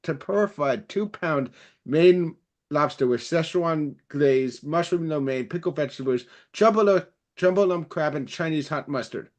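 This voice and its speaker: A man's voice: on the high side, expressive, normal speed, muffled recording. A man in a casual roundtable chat, rambling with lots of fillers and restarts.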